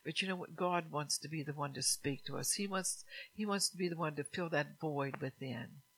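A woman's voice: deep voice, normal speed, a bit bright, slightly rough, low-quality recording. A woman preaching a sermon to her congregation, earnest and repetitive, with frequent laughs.

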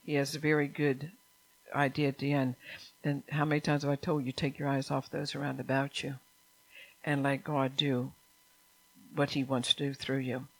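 Man with gravelly flat voice, commenting. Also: mid-range voice, moderate pace, rough recording. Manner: reflective commentary after watching a clip.

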